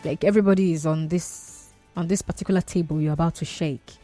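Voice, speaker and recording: A woman's voice: low voice, steady tone, fairly quick, mellow, soft background music. A woman with a Nigerian accent hosting a call-in radio show, reading listener messages aloud and reacting to them in a chatty, teasing way. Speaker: radio talk show host.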